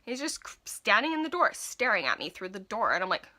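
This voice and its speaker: A woman in her twenties telling a casual storytime vlog, animated and full of "like". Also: medium pitch, normal speed. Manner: animated, filler-heavy storytelling with lots of "like". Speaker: vlogger.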